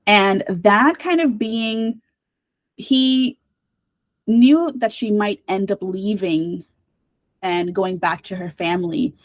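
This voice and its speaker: ضيفة بودكاست مرحة تتكلم بتردد. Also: female voice, mid-range voice, slow, dry recording. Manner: bubbly, hesitant, many fillers. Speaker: guest co-host. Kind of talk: casual book club chat.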